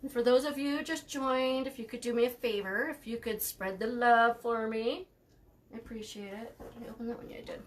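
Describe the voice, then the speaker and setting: An American woman hosts a live craft tutorial, chatting casually as she works, thanking viewers by name and laughing easily with dry sarcasm. Her voice is a little high, her tone steady, and her pace a little fast.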